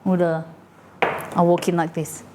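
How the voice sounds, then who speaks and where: A woman's voice: on the low side, level tone, unhurried, background noise. A young adult woman chatting casually while cooking on a live stream from her home kitchen, playful and rambling with giggly asides.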